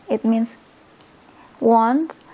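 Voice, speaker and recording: A woman teaching a language lesson, explaining slowly and repeating words for learners. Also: on the high side, mellow.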